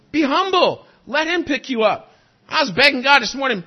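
A male pastor with a strikingly high voice preaches in an animated way and keeps putting questions to the congregation. The recording sounds dull and lo-fi. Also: moderate pace. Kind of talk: sermon.

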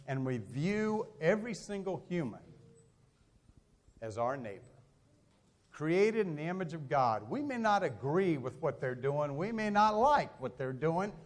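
High, lively-voiced male preacher. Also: slight background noise. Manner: animated storytelling, acting out quoted voices. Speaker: pastor. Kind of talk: sermon.

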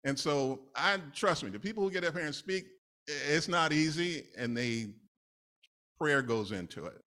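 A man's voice: on the high side, lively intonation, moderate pace, bright, forceful tone. A man from New City, preaching a casual, conversational sermon with laughing asides. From New York City. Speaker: lay preacher.

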